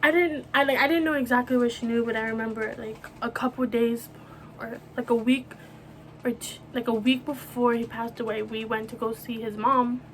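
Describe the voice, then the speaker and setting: Emotional young woman, halting storytelling. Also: fairly high pitch, steady tone, a little hiss or hum. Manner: emotional, halting, many restarts and "like". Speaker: vlogger. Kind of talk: personal storytelling to camera.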